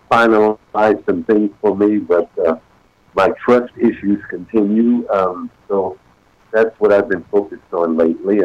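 A man in his sixties with a deep golden voice, a guest speaking by phone in a casual radio interview, halting with frequent pauses. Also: breathy edge, no room sound, muffled recording. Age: 60s.

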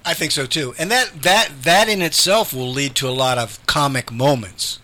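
A man's voice: fairly high pitch, expressive, moderate pace, sharp tone. A man who is a pastor, co-hosting a radio talk show and chatting casually and agreeably. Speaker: pastor and co-host.

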